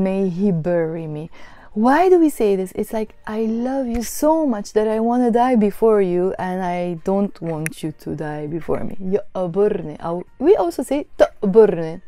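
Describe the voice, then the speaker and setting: A woman teaching a language in a relaxed, casual way. Her voice is mellow and warm, and it sounds close and dry. She repeats each phrase slowly and patiently. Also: mid-range voice, no room sound. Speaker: Arabic teacher.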